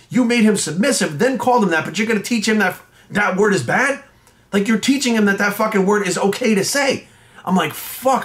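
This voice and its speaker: A man's voice: sits high, fairly bright tone. A man delivering an angry, profane rant as a fitness coach vlogger. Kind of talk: ranting monologue.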